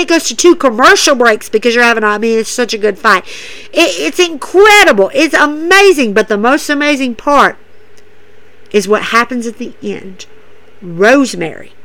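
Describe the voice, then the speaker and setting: On a casual wrestling recap, a woman with a slightly high voice gushes excitedly, addressing her listeners directly.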